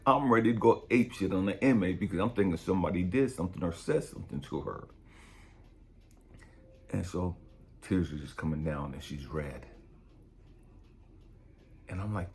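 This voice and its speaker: A man, a spiritual coach, telling a story in a blunt, profane, animated way. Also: extremely low pitch, normal speed, long pauses, slight background noise. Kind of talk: casual storytelling monologue.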